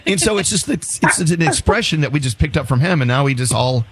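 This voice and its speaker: A man's voice: fairly high pitch, expressive, a bit bright, slightly rough. A man hosting a morning radio show, teasing and joking with co-hosts and callers. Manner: playful, teasing, quick to joke. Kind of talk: casual morning radio chat.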